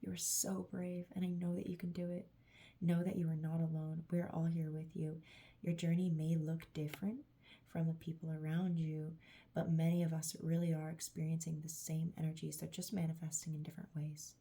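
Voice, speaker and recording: A tired, emotional woman giving a gushing, affectionate channeled spiritual message to her viewers, laughing often and dropping into soft whispery asides. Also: low-pitched, flat delivery, a little fast, vocal fry, slightly rough. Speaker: tarot reader and channeler.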